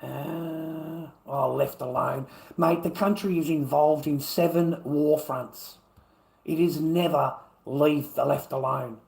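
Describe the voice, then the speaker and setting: A man with an Australian accent rants angrily at an unseen opponent on his livestream, his voice fairly high with vocal fry. He lectures and swears as he goes.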